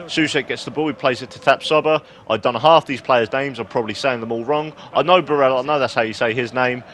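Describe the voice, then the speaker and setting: A man commentating play-by-play over a football video game, excitable, breaking into shouts at goals and poking fun at himself between plays. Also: medium pitch, fast, slight background noise. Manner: excitable, rising to shouts on goals, self-mocking asides. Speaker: gaming YouTuber.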